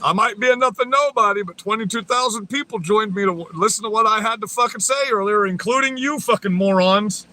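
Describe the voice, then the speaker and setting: A man's voice: high voice, brisk, few pauses, bright, forceful tone. A man ranting on a livestream, profane, taunting and confrontational. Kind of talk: livestream rant.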